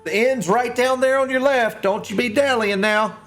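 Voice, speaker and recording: A man's voice: very high-pitched, moderate pace, fairly bright tone, soft background music, voice pushed up. A man voicing a brusque male townsman whose accent keeps shifting, in a tabletop game. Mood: shooing.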